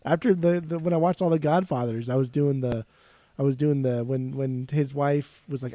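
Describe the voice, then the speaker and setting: A man's voice: a little high, steady tone, normal speed, dark tone, no room sound. A man co-hosting a casual music podcast, swearing a lot and ranting in a blunt, joking way. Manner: profane, blunt, joking rants. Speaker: podcast co-host.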